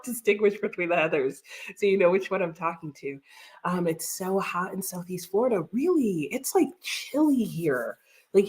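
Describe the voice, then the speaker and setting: A woman's voice: mid-range voice, a little mellow. A woman hosting a live stream, chatting casually, often laughing and greeting viewers from the chat. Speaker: livestream host.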